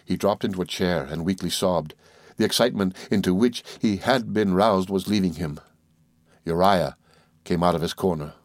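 A man narrating a classic novel in the first person with measured, earnest storytelling. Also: deep voice, no room sound, studio quality. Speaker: audiobook narrator.

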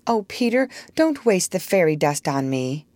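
A woman reading aloud and voicing a gentle, apologetic grown-up mother. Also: on the low side, big pitch swings, moderate pace, no echo, studio quality. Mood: faltering. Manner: tender, apologetic. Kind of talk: storybook reading.

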